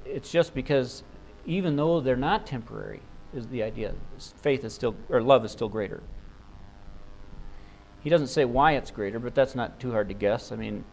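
A man's voice: medium pitch, darkish tone, lo-fi sound. Earnest man preaching a Bible passage. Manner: earnest, thinking aloud with restarts and rhetorical questions. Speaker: pastor. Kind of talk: expository sermon.

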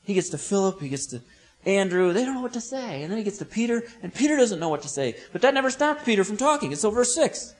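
High-voiced man preaching. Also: big pitch swings, fast talker. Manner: vivid, storytelling delivery with humorous asides. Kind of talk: expository sermon.

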